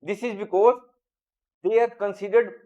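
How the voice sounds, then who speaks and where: A man with an Indian English accent, teaching a grammar lesson with slow, repetitive explanations. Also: high-pitched, steady tone, dull audio.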